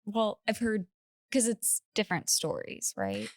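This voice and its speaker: A woman's voice: mid-range voice, big pitch swings, measured pace, no room sound, clean studio sound. A woman co-hosting a podcast, chatting casually and reacting with laughs, often breaking off her sentences. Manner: chatty, self-interrupting, reacts with laughs and gasps. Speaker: podcast co-host. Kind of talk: casual chat.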